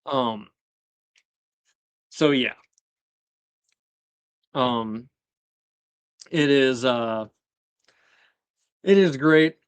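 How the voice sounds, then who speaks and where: A man's voice: medium pitch, extremely slow, pauses often, clean tone, dry recording. A man hosting a casual recap chat, rambling with many fillers and acting out quoted lines in shifting voices. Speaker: host recapping a TV episode.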